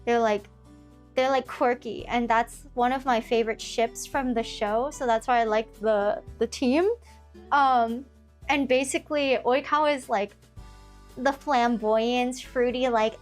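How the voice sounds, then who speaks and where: A woman's voice: a little high, a little slow. A young woman streaming, chatting casually with her viewers in a giggly, rambling way full of fillers and restarts. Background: faint music.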